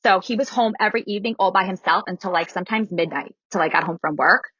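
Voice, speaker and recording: Woman in her 30s telling her story on a podcast, bright voice, dry slightly dull mic sound. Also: mid-range voice, fast, breathy edge, no echo. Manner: animated, quotes people in her story. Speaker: guest storyteller.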